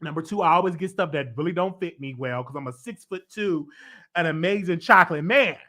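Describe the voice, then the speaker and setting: A man with a bright, sharp-edged voice hosts a celebrity gossip show, delivering blunt, opinionated commentary. He talks in an animated way, his pitch leaping high whenever he stresses a point. A slight congestion sits in his voice throughout. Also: brisk. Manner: animated, swoops up high for emphasis. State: congested, stuffy voice.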